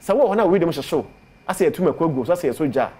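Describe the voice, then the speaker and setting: Persuasive Ghanaian man pitching herbal medicine. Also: animated, very fast, darkish tone, husky. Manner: persuasive, repeats product pitch. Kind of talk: promotional talk on TV show.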